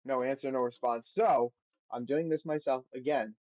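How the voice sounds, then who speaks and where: A man's voice: mid-range voice, normal speed, a little mellow, no room sound, dull audio. A man hosting a podcast on his own, reading results aloud and then giving blunt, profane opinions in a casual recap. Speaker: podcast host.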